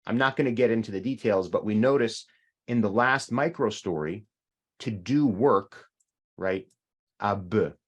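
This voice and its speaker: Animated man teaching a language lesson. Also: medium pitch. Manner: animated, explains slowly and repeats sounds.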